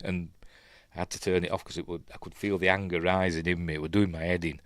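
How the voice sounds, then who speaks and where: A man's voice: sits low, flat delivery, fast talker, no room sound, studio quality. A man with a Yorkshire accent hosting a live news stream, rambling and opinionated with muttered asides. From Yorkshire, England. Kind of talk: casual live stream commentary.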